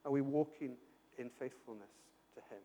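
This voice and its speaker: A man's voice: mid-range voice, normal speed, dark tone. A man preaching a sermon, earnest and pastoral, asking his listeners rhetorical questions and often repeating himself as he builds a point. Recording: long hall reverb.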